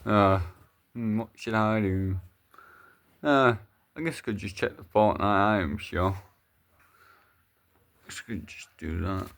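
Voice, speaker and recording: A man's voice: on the low side, slow, vocal fry, long pauses, fairly bright tone. A man narrating a plush toy skit in a rambling, chatty way, with some swearing. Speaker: plush video creator.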